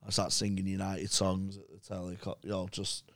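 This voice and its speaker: Gravelly-voiced English man telling stories. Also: deep voice, moderate pace, no echo, studio quality. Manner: swears a lot, rambling animated anecdotes. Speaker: podcast guest. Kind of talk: casual chat, storytelling.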